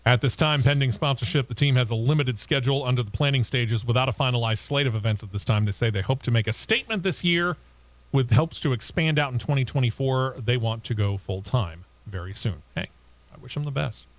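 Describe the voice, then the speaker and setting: A man's voice: medium pitch, a little fast. A man hosting a racing talk show, reading motorsport news and bantering with his co-hosts. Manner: reads news items then chats and laughs with co-hosts.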